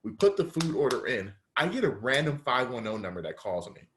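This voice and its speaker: A young adult man on a podcast, telling a story casually with heavy slang and animated back-and-forth dialogue. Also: mid-range voice, fairly quick, slight background noise. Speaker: podcast co-host.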